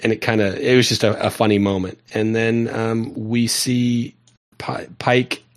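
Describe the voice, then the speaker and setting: A man's voice: lowish voice, flat delivery, measured pace. A man casually recapping a TV episode with a friend, talking in loose, filler-heavy sentences. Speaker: podcast co-host. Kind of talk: casual discussion.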